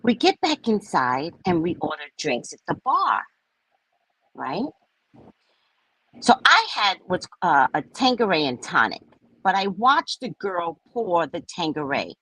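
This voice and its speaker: A woman telling a story casually to her viewers, animated and swearing, often checking in with "right?". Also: lowish voice, measured pace, slightly rough, no room sound, rough recording. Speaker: vlogger, spiritual reader.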